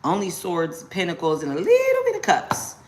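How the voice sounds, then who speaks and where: A young adult woman giving a casual live-stream tarot reading, slangy and quick to exclaim. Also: fairly low pitch, wildly swooping pitch. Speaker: tarot reader.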